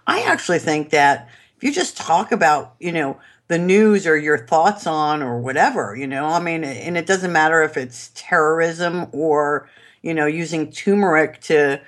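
A woman's voice: low voice, animated, moderate pace. A woman with a New York accent, a guest on a podcast, talking in a chatty, rambling way with many fillers and restarts and laughing as she goes. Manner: enthusiastic, laughs while talking. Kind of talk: casual interview chat.

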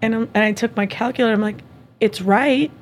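A woman with a slightly high voice tells a dating story on a podcast, animated and profane. She acts out every line of the conversation in casual chat. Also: brisk, a little hiss or hum. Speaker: podcast host.

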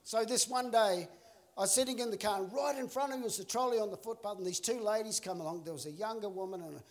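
A man preaching in a church, his voice pitched high for a man. He tells his story with lively energy, laughing along and acting out the people in it. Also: fast talker. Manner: animated storyteller, acts out characters, laughs along. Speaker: pastor. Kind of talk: storytelling sermon. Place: church auditorium.

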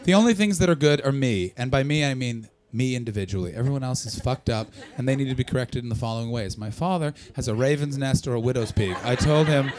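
A young man doing profane, mocking stand-up crowd work, bursting loud at times. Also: mid-range voice, fast, few pauses. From Canada. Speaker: stand-up comedian.

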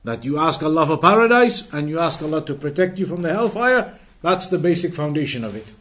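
A man teaching an Islamic lesson who recites Arabic passages quickly and then explains them patiently, repeating and rewording phrases. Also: fairly high pitch, sing-song, fairly bright tone. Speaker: religious teacher.

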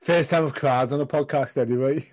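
A man's voice: mid-range voice, moderate pace, darkish tone. A man co-hosting a casual podcast, jokey and teasing, laughing often. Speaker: podcast co-host.

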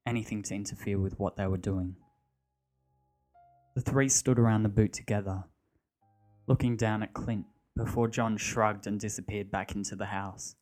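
Man, narrator, low voice, measured steady reading, faint background music. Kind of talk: storytelling narration.

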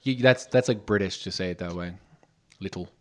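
A man's voice: deep voice, quick pace. A man co-hosting a casual podcast, joking crudely and rambling with restarts. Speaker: podcast co-host. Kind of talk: casual chat.

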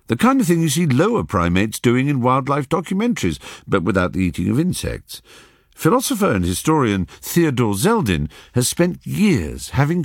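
A man's voice: mid-range voice, vocal fry, breathy edge, dry recording, clean studio sound. A man presenting and narrating a radio documentary in a witty, playful scripted delivery.

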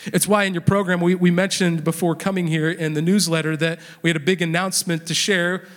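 A man in his thirties preaching a sermon, telling a family story in a conversational, animated way. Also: high-pitched, brisk. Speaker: pastor. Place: church.

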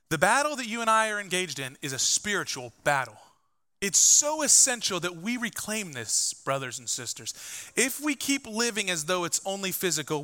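A male pastor preaching with a very bright, ringing tone and a slightly high voice. He is emphatic, swings between loud bursts and quiet low lines, and drops into chatty asides. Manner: conversational asides with fillers. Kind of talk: sermon.

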